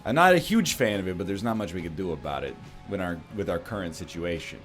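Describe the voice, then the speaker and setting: A man's voice: low voice, expressive, quick pace. Rambling man commentating a game. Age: young adult. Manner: rambling, self-deprecating, jumps to exclamations. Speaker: gaming commentator. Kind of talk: casual let's-play commentary. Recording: faint music behind.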